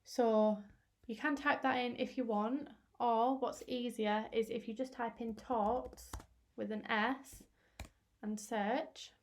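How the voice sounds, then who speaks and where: Her voice going hoarse as she loses it, a young woman teacher narrates a screen-recorded tutorial in a chatty, explanatory style with fillers. She's fairly high-pitched, keeps a steady tone, and takes things slowly.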